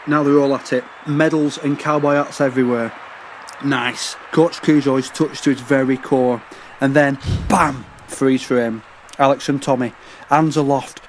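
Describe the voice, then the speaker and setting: A man narrating a story like excitable live sports commentary, swearing freely. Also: medium pitch, normal speed, a little hiss or hum.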